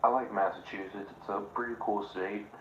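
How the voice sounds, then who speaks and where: A man chatting casually as a stream guest, speaking in a hesitant, halting way. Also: fairly low pitch, fairly even intonation, fairly bright tone. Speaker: guest co-host. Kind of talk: casual chat. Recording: echoey room, dull sound, faint noise.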